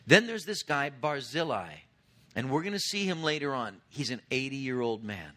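Man, 50s, pastor, sermon, conversational storytelling, bright forceful tone. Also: medium pitch, very animated, moderate pace. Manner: earnest storytelling preacher who explains scripture conversationally.

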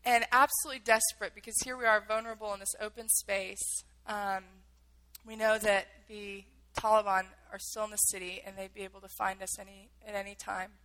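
A woman's voice: mid-range voice, little pitch movement, brisk, sharp tone, rough recording. A woman telling a personal story in a vivid, emotional way, acting out the quotes.

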